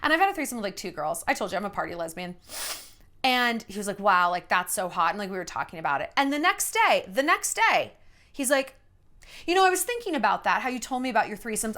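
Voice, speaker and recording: A woman's voice: mid-range voice, fairly quick. Sassy, blunt woman giving dating advice. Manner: blunt, sassy, animated storytelling. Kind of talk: casual advice monologue.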